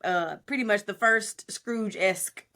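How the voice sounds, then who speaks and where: A woman co-hosting a podcast, telling a story in casual chat, animated and profane. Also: medium pitch, measured pace. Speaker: podcast co-host.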